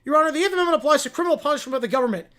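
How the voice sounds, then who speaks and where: A man doing a brisk female lawyer. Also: extremely high pitch, expressive, fairly bright tone. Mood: confident. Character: crisp, confident female corporate lawyer.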